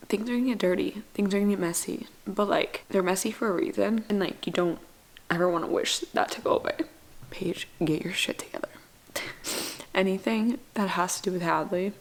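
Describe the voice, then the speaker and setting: Young woman vlogging at home, gravelly low voice, chatty and whispery, faint hiss behind. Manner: chatty, lots of likes, often whispering softly. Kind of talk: casual vlog chat. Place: at home doing chores.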